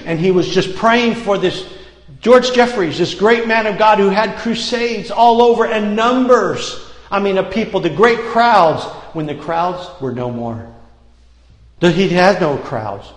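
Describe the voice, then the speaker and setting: A man with a high, bright voice preaches in a church hall, telling a story with lively acted-out quotes and calling for amens. His voice rings through the room and trails off in a long echo. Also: a little slow. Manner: animated, acts out quotes, calls for amens. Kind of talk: sermon storytelling. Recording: echoey hall, long reverb.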